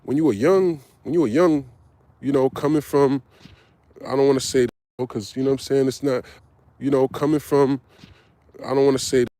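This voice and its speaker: A man's voice: medium pitch, fairly even intonation, normal speed, long pauses, dark tone. A man, telling his life story in casual talk, candid and profane, acting out the voices of people he quotes. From Harlem, New York. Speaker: podcast host.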